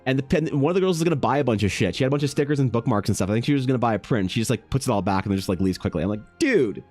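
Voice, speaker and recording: A man's voice: mid-range voice, very fast, darkish tone. A man casually chatting with stream viewers while drawing, rambling and swearing freely.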